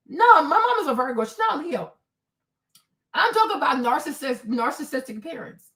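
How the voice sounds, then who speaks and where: A woman in her forties hosting a candid solo livestream, talking emphatically and with animation, swinging between shouting and low asides. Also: very animated, normal speed. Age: 40s. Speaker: livestream host.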